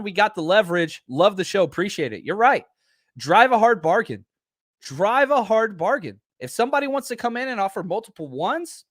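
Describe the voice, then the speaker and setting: A man hosting a casual sports talk stream, speaking in a voice that sits a bit high for a man. He's animated and blunt and jokes with his chat. The sound is dry and close, with no room in it. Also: dry recording. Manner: animated, blunt, jokey, talks straight to chat. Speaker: podcast host.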